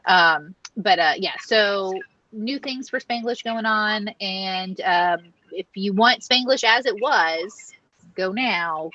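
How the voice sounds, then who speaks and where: A woman's voice: mid-range voice, slow, pushed and bright, no room sound, muffled recording. A woman co-hosting a casual food news podcast, chatty, with frequent ums and uhs. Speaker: podcast co-host.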